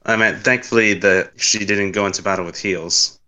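A woman's voice: a bass voice, steady tone, normal speed, a loud crowd. A woman co-hosting a podcast, mostly giving short, agreeable replies in a casual film discussion. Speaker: podcast co-host.

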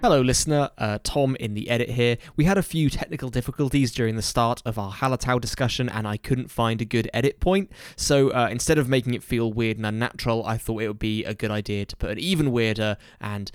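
A man co-hosts and edits a podcast, speaking with dry, wry humour. His voice is smooth and resonant, and the sound is close and dry. He talks at a middle pitch. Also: fairly even intonation, fast, few pauses, no echo. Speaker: podcast co-host and editor. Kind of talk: casual chat.

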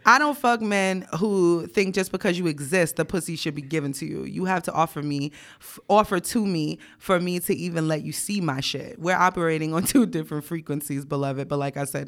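Young woman podcast host, blunt, swears a lot, kinda low voice, laughs through stories. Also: moderate pace, few pauses, a bit bright. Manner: candid, blunt storytelling with frequent laughter and profanity. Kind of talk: casual podcast chat.

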